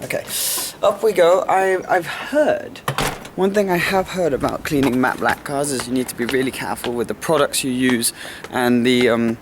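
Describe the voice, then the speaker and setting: A young man with an English accent chatting casually to camera at home as a vlogger, excitable and self-mocking. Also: medium pitch, normal speed, background noise. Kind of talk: casual vlog chat to camera. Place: home, kitchen indoors. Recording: roomy echo.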